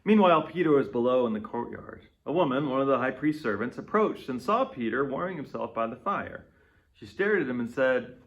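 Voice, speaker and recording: A man's voice: medium pitch, lively intonation, a little fast, a bit bright. Man giving a conversational Bible devotional. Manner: conversational, tags points with "right?". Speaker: devotional speaker. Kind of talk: Bible reading and devotional reflection.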